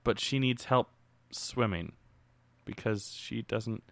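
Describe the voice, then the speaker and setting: A man's voice: on the low side, steady tone, slow pace, gravelly, no room sound. Joking man riffing on a movie, dry mic. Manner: joking, rambling, laughs often. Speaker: podcast co-host. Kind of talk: casual movie commentary.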